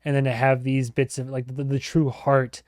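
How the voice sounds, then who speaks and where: A man's voice: mid-range voice, little pitch movement, normal speed, a little mellow, no room sound, clean studio sound. A man hosting a reaction video, talking casually and rambling with lots of fillers, laughing often.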